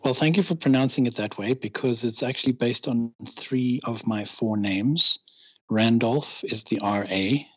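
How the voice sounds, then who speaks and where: A man's voice: medium pitch, a little slow, fairly bright tone, slightly rough, no room sound, rough recording. A man, a guest in a casual podcast interview, chatty and self-deprecating, given to ranting. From England.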